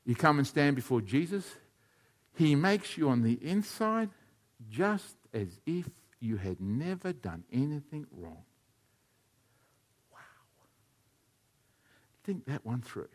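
A man preaching a sermon, telling stories and speaking to listeners by name. He drops to hushed, quiet passages and then rises to loud, shouted climaxes. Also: fairly high pitch, big pitch swings, takes it slowly, pauses often. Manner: addresses listeners by name, tells anecdotes.

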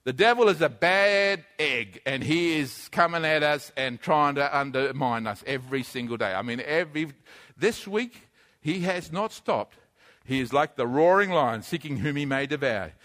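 A man preaches with rising energy, calling out lines for his congregation to echo back and raising his voice to a shout. His voice sits high for a man and has a bright, forceful edge. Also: moderate pace. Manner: energetic, leads call-and-response, often shouting. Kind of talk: sermon with congregation participation.

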